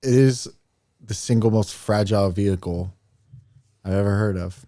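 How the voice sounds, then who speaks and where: A man co-hosts a podcast with a low, warm, mellow voice. He adds wry remarks and short replies, and the sound is dry and close. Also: moderate pace, no room sound. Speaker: podcast co-host. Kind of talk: casual chat.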